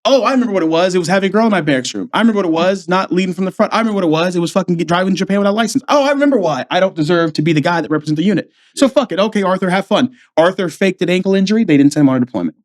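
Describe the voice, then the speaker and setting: A man telling stories in a casual podcast conversation, animated and profane, acting out the voices of people he quotes. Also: high-pitched, rapid-fire, hardly any pauses. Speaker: podcast guest, former Marine.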